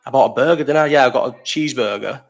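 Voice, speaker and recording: Fast-talking Scouse man telling a story. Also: medium pitch. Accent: Liverpool. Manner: rambling, sweary storytelling, reads chat aloud. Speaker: livestream host. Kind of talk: casual live chat.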